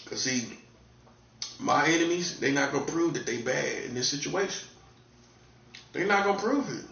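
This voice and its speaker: Speaking expressively at a moderate pace, a North Carolina man with a Southern accent gives a laid-back, repeating monologue with a cautionary tone. He's an online commentator whose high, slightly bright voice has vocal fry. The room sound is distant, echoey and dull lo-fi.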